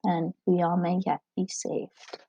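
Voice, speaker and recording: A woman's voice: on the low side, level tone, slow pace, vocal fry, mellow, slightly rough, dry recording, highs cut off, full character voice. Woman voicing a frail fevered young queen.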